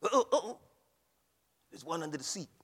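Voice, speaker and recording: A man preaching a sermon, swinging from hushed storytelling to shouted climaxes. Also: fairly high pitch, sing-song, fairly quick, breathy edge. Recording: long reverb of a large hall.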